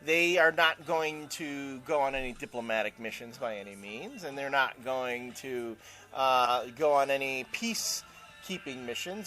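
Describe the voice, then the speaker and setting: A man's voice: mid-range voice, bright, forceful tone. A man co-hosting a casual chat show, opinionated and rambling, with lots of fillers. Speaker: co-host.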